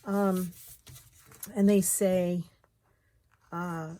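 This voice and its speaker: A woman's voice: mid-range voice, lively intonation, a little slow, darkish tone, breathy edge. A middle-aged woman chatting casually while she crafts, muttering to herself as she works.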